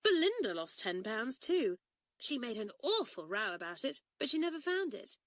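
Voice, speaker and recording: A woman's voice: fairly high pitch, big pitch swings, normal speed, a bit bright, dry recording, studio quality, pitched above the performer's own voice. A woman voicing a sensible schoolgirl who speaks emphatically and with indignation. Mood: indignant.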